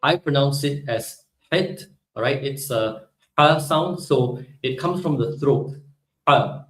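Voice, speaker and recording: A man teaching Hebrew online in a live session explains each point step by step at a measured pace, often pausing to ask "right?". His voice is mid-range, the room is echoey, and the recording is rough.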